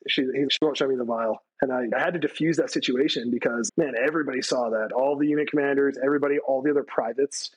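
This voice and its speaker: A man, a retired Army staff sergeant from the United States, telling stories as a podcast guest, animated, acting out quoted people with a raised voice. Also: quick pace, hardly any pauses, a little hiss or hum, low-quality recording. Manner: animated storytelling, acts out quotes with raised pitch. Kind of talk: casual storytelling interview.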